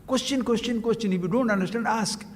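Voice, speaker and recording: A man's voice: high voice, fast talker. A man giving a spiritual discourse as a teacher, emphatic and full of rhetorical questions. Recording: long hall reverb.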